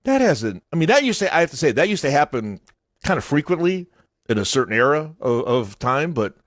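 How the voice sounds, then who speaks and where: A male radio host chatting casually on a morning show and telling a story with lively acted-out voices. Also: fairly high pitch, fairly quick, dry recording, clean studio sound. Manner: animated storytelling, acts out voices.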